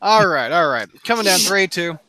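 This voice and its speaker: A man hosting a podcast in casual chat, relaxed and quick to laugh, stumbling over words now and then. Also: high voice. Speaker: podcast host.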